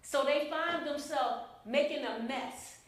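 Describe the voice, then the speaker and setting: Lady preacher, slow and deliberate, real high voice, big echo like a church. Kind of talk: sermon. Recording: very echoey room.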